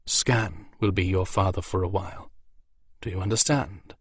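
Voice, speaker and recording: A man voicing a frail, dying old male mage who speaks in a soft, hoarse, tender voice. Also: sits low, moderate pace, dry recording. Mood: gentle, tender. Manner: tender and weary.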